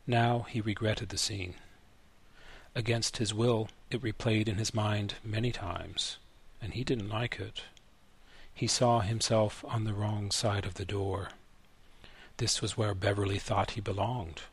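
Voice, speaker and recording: A man narrating a literary short story in a measured, even way. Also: fairly low pitch, slightly rough. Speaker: story reader.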